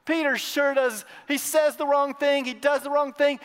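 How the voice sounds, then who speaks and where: A man preaching a sermon as pastor, emphatic, swinging between loud declarations and hushed asides, repeating his phrases. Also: very high voice, steady tone, moderate pace. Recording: long reverb of a large hall.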